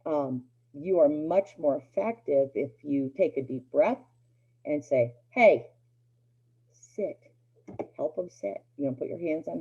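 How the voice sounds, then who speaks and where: A middle-aged woman giving a dog obedience lecture in a conversational way, with many fillers and restarts. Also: low voice. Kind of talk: recorded class lecture. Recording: dull lo-fi recording.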